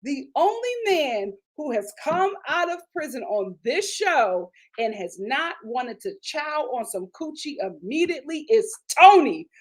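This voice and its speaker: Animated, high-voiced gossipy woman. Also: a little slow, hardly any pauses, low-quality recording. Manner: gossipy, animated, laughs often. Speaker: TV show reviewer, channel host. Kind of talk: live reality-show review.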